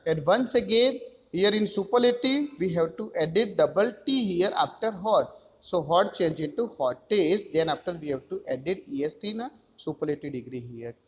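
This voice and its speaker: A man's voice: high voice, animated, normal speed. Male teacher in an echoing room. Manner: repetitive step-by-step explaining, spelling out letters. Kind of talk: grammar lesson explanation.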